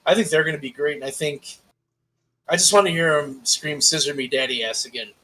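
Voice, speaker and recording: Profane, animated man talking wrestling. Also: fairly high pitch, brisk. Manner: swears freely, animated storytelling with acted-out quotes. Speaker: podcast co-host. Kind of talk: casual chat.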